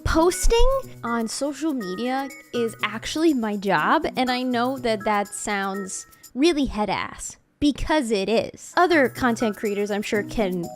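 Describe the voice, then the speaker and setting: Lively high-voiced young woman streamer. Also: a little slow, faint music behind. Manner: animated, jokey, voice shifts up when excited. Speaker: streamer and content creator. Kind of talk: casual vlog commentary.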